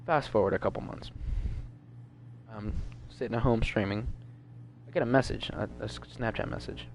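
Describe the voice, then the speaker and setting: A nineteen-year-old man from the Washington DC area tells a story in a loose, rambling way, peppered with swearing and filler words. His voice sits fairly low with a gravelly fry. A faint hiss of noise runs underneath. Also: moderate pace. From Washington DC metro area, US. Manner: rambling, profane, filler-heavy. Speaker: gaming vlogger. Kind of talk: casual storytime.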